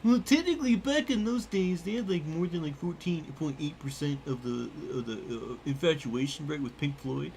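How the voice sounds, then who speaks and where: A man's voice: a little high, normal speed, creaky, few pauses, darkish tone, a little hiss or hum. A man putting on a pedantic know-it-all nerd voice who rattles off trivia and keeps saying "technically". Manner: nitpicking, rattles off trivia, says technically a lot. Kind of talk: comedic put-on voice during a gaming stream.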